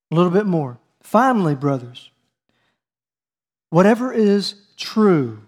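A man's voice: high-pitched, sing-song, a little slow, long pauses, a little mellow. A man preaching a teaching sermon, reading scripture and calling on his listeners to answer aloud. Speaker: preacher leading a Bible study.

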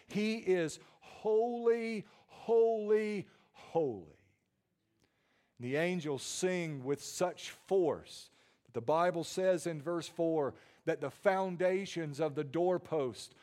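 A man, preaching a sermon with dynamic swings from hushed tones to loud emphasis and frequent repeated words. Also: a little high. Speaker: pastor.

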